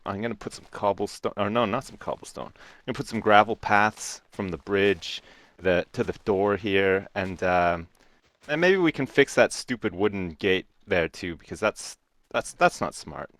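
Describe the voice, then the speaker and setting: A man's voice: lowish voice, normal speed, fairly bright tone, no room sound. A man co-hosting a casual gameplay chat, self-deprecating and mumbling his asides. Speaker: co-host.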